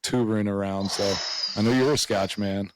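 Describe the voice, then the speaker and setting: A man's voice: lowish voice, steady tone, normal speed, very noisy. A man in his thirties co-hosting a podcast, telling stories in a laid-back way and chuckling often. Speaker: podcast co-host. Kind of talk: casual interview chat.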